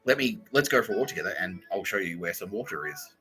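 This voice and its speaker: Brief: a man playing a calm, deadpan homeless man, plain and helpful. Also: deep voice, fast talker, faint music behind, pitched below the performer's own voice, poor audio.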